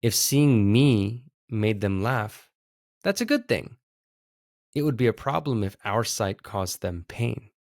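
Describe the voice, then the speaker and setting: A man doing a calm elderly monk, gently amused and unbothered, in a low register. His words are soft and patient. The sound is dry and close. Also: slow, gravelly, dry recording, heavily acted. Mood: serene. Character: serene old male monk, gently amused.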